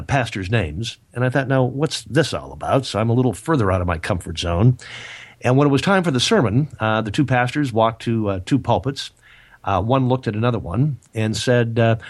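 A man telling a personal story on a podcast, halting and repeating himself, with self-deprecating humor. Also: fairly low pitch. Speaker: author and speaker, regular guest. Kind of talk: casual storytelling.

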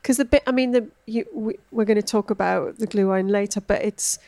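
A woman's voice: medium pitch, brisk. A woman, a food editor chatting as a podcast guest and telling stories with many fillers. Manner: chatty, animated storytelling, frequent fillers. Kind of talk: casual food chat.

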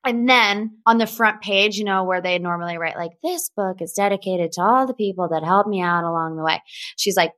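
A woman's voice: medium pitch, moderate pace, fairly bright tone, no room sound. A woman hosting a pop culture podcast, chatting casually with gossipy, sarcastic asides. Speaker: podcast host.

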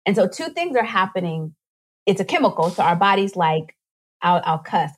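A woman guest on a podcast, explaining nutrition in a casual, animated way and acting out little voices as she goes. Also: medium pitch. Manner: animated, acts out voices in quick asides.

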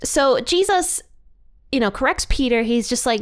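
A woman's voice: high voice, expressive, normal speed. A woman hosting a Bible study, explaining scripture in a chatty way with light laughs between points. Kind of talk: casual Bible teaching.

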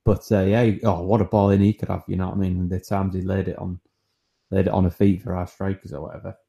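A man's voice: low-pitched, little pitch movement, quick pace, creaky, warm tone. A man co-hosting a podcast, going through listeners' suggestions with hesitant fillers. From not from Newcastle. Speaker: podcast co-host. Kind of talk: casual chat.

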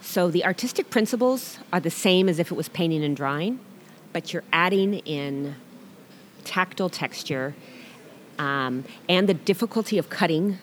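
A middle-aged woman, a guest artist, telling her story in a relaxed interview, animated and acting out quotes. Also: fairly low pitch, normal speed, a little hiss or hum.

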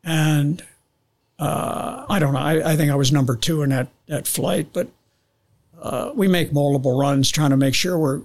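Speaking at a moderate pace in a slightly high voice, this older veteran pilot recounts memories as a guest in a relaxed storytelling interview. He frequently starts over mid-thought and tells things with animation. He slips into the voices of people on the radio.

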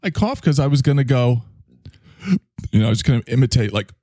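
A man's voice: mid-range voice, brisk, dark tone, no echo, studio quality. A man hosting a podcast, rambling and joking at his own expense while reading out listener chat messages. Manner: joking, self-mocking, rambling. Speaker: podcast host. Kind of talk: casual live-stream podcast monologue.

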